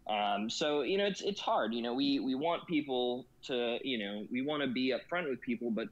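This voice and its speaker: A man's voice: medium pitch, expressive, normal speed. Rambling man on dull lo-fi audio. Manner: rambling, constant "you know" fillers. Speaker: guest. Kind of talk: casual discussion.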